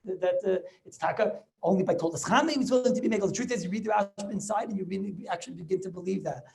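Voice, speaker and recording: A man teaching a Talmud class over a video call, animated and full of rhetorical questions, mixing Yiddish and Hebrew terms into his talk. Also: high-pitched, fast talker, creaky. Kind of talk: lively Torah lesson over video call.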